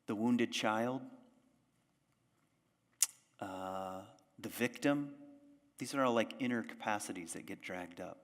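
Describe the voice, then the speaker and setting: A man's voice: lowish voice, slow, pauses often. A male pastor giving a conversational sermon to a church audience, often asking them questions. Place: church sanctuary. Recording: long church reverb.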